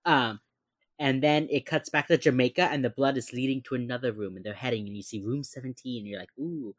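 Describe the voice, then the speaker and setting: A woman with a bass voice talks fast as a podcast co-host recapping a TV episode in a casual chat. She retells scenes energetically, acting out lines and laughing often.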